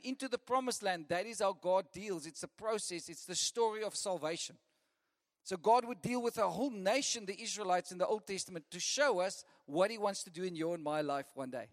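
Male pastor, high voice, lively sermon delivery with frequent laughs, recorded in a reverberant church hall. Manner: lively preaching, laughing often, repeating lists.

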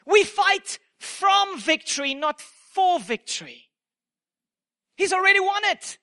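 Bright, high-pitched animated male preacher. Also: takes it slowly. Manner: animated and playful, acts out quotes, laughs at his own jokes. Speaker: pastor. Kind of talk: sermon.

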